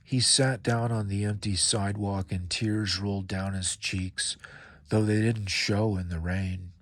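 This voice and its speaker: A man reading a children's picture book aloud in a calm, measured storytelling voice. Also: lowish voice, dry recording.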